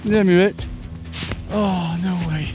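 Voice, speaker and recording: English bloke fishing outside, hot and panting, exclaiming a lot, faint music behind. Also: male voice, high-pitched, unhurried. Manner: excitable, chatty, exclaiming and groaning. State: overheated, panting. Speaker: angler and channel host. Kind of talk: banter while fishing outdoors. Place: outdoors at a fishing lake.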